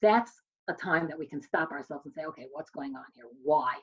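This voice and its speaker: A woman's voice: sits low, expressive, a little fast, husky, muffled recording. A woman in her sixties, a social worker giving a talk, telling a personal story and acting out the dialogue. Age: 60s. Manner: storytelling, acts out quoted exchanges.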